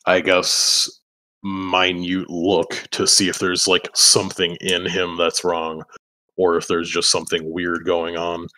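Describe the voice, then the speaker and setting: A man's voice: low voice, completely flat delivery, measured pace, bright, forceful tone. A man playing a tabletop role-playing game, chatting casually and rambling with plenty of swearing. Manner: loose, rambling, swears a lot, laughs between lines. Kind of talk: casual game chat in and out of character.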